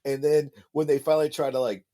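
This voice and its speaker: A man co-hosting a podcast in casual chat, mocking and animated, acting out quotes and laughing often. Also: on the high side, fast. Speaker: podcast co-host.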